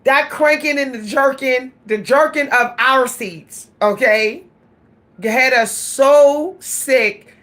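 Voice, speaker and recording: A woman vlogger telling a story in casual chat, animated and laughing, talking straight to her listeners. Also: fairly high pitch.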